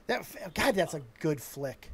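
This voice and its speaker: A man hosting a live stream show, excitable and profane, taking calls. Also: on the high side, measured pace, creaky, slightly rough. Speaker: host.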